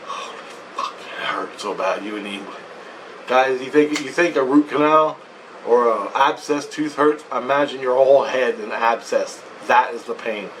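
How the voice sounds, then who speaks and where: A man's voice: mid-range voice, moderate pace, a bit bright, recorded from a distance, poor audio. A man rambles through a harrowing personal story, swearing freely and circling back on his words. He sits somewhat back from the mic, and a faint hum of ambient noise runs underneath. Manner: profane, emotional, rambling with restarts. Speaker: vlogger recounting a spiritual experience. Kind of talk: casual storytelling to viewers.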